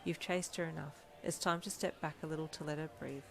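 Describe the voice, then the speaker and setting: A woman voices a kind, gently teasing older brother in a fanfiction audiobook. He talks softly and easily, in a low, unhurried voice. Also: gravelly. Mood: gentle, wry. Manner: relaxed, gently teasing, soft-spoken.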